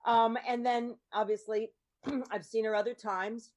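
A woman's voice: medium pitch, measured pace. A woman hosting and producing a podcast, introducing guests in a chatty, rambling way with lots of ums. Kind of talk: casual chat show introductions.

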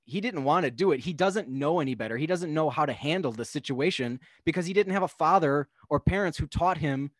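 A young man on a podcast, casually talking through a film in a rambling, animated way. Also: on the high side, a little fast, few pauses, no echo, clean studio sound. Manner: rambling, animated, acts out characters' lines. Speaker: podcast guest.

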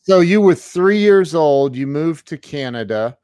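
A man's voice: on the high side, animated, unhurried, darkish tone, dry recording, clean studio sound. A man hosting his interview show over a video call, friendly and eager, with frequent fillers. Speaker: podcast host. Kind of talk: casual interview.

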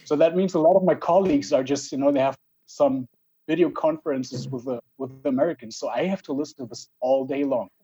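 Mellow husky man on a call. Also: medium pitch, quick pace, highs cut off. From Germany. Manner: hesitant, self-mocking. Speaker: guest. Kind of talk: casual video call chat. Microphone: video call.

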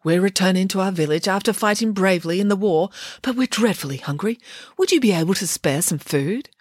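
A woman's voice: mid-range voice, brisk, dry recording, studio quality, pitched above the performer's own voice, lightly acted. A woman voicing a weary, brave pig nanny asking politely for food in an audiobook. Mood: pleading.

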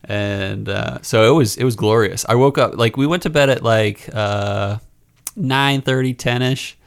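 A man's voice: medium pitch, unhurried, gravelly, smooth. A man co-hosting a casual podcast chat, talking in a laid-back, jokey way. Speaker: podcast co-host.

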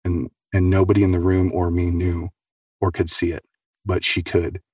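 A man with a low, husky voice tells a true story in casual, profane talk, full of fillers and "right?". The sound is dry and close. He sits a little back from the microphone. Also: level tone, normal speed, a little mellow, no room sound, far from the mic. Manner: loose, profane, filler-heavy, keeps asking "right?". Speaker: storyteller sharing a true experience.

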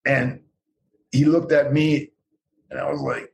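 A man's voice: medium pitch, flat delivery, takes it slowly, creaky, long pauses. A middle-aged man in a casual interview, telling rambling, profane stories and acting out what others said. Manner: profane, rambling, acts out quoted voices. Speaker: guest, former pro wrestler.

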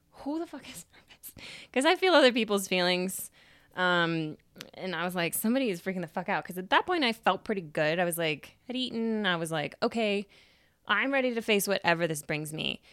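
Animated storytelling woman, dry close sound. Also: lowish voice, smooth, no room sound. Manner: animated, swears freely, quotes herself. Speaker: podcast host. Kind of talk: casual storytelling.

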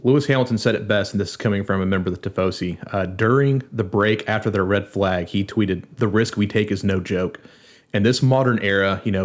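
A man speaking as a panelist in a casual podcast discussion, telling stories with quick jokes. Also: on the low side.

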